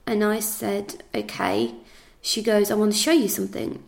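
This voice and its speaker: English woman recounting events, flat delivery. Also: medium pitch, moderate pace. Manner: recounts events with reported speech, many fillers. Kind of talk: first-person recollection.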